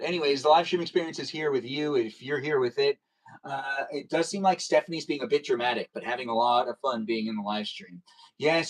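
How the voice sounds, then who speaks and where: A man's voice: medium pitch, rough recording. Rambling male live streamer. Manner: rambling, talks fast, spells and half-sings his username, reads chat aloud. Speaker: live streamer playing a video game. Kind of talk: casual live stream chatter.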